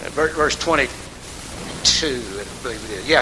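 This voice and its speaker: A man's voice: medium pitch, animated, moderate pace, bright, forceful tone. A man preaching a sermon, rising to emphatic call-and-response and calling on congregation members by name. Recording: hissy recording in a reverberant hall.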